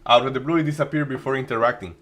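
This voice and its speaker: A man doing live trading commentary, thinking aloud with many restarts and halting phrases. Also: medium pitch, fairly bright tone. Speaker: day trading streamer.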